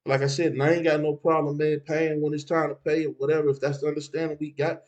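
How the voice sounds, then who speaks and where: A man's voice: on the high side, little pitch movement, quick pace, a little mellow, lo-fi sound. A man giving street advice in a casual, preachy monologue, dropping "man" between phrases.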